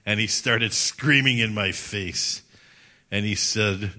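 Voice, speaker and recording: A man giving a sermon as a missionary speaker, telling stories in an animated, chatty way. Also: fairly low pitch, slow pace. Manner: animated, chatty, laughs at his own stories. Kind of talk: sermon storytelling.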